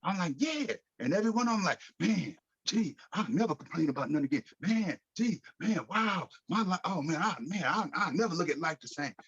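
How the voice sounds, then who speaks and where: A middle-aged American man telling his life story in a podcast interview, lively, with casual slang and acted-out quotes. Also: on the high side, brisk, hardly any pauses, husky, no echo, highs cut off. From United States. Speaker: guest speaker.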